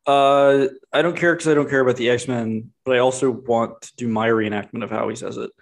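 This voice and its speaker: A man's voice: mid-range voice, steady tone, fairly quick, creaky. A man co-hosting a casual podcast, teasing and irreverent, with sarcastic jokes and casual swearing. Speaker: podcast co-host. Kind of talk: casual pop-culture podcast chat.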